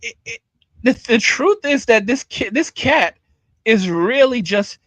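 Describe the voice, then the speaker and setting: This channel host's voice is very high-pitched, animated and a bit bright, yet unhurried, as he angrily rants back at his livestream chat and repeats himself. There is no room sound.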